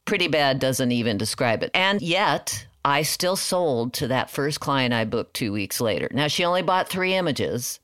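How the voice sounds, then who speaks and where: A woman's voice: a bass voice, expressive, normal speed, few pauses, fairly bright tone, no room sound, clean studio sound. A woman in her sixties, a portrait photographer, telling her story candidly in a casual interview and laughing often. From California. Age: 60s.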